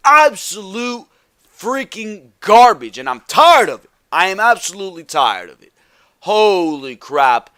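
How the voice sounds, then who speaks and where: A man's voice: a little high, big pitch swings, moderate pace, pushed and bright, smooth, no room sound. A man ranting through a wrestling show review, firing off repeated exasperated rhetorical questions.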